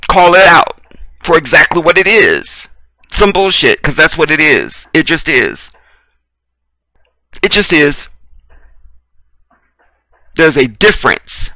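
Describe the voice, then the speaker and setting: American guy going off in a fired-up rant, cusses a lot, repeats himself to hammer it home, bright edgy voice, dry close mic. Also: fairly high pitch, no room sound. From United States. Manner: blunt, profane, preachy, repeats phrases for emphasis. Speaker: video commentator. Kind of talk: impassioned commentary rant.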